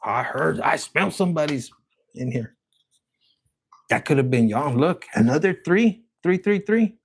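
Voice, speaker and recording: A gravelly, husky man talks through a tarot reading in a loose, rambling way. He swears constantly and gets excited as the cards come up. His voice sits a little high for a man. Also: measured pace. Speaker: tarot reader.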